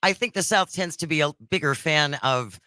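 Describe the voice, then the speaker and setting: A man hosting a talk show, introducing the guest and asking questions in a measured way. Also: fairly high pitch, sharp tone, slight background noise. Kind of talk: hosting an interview.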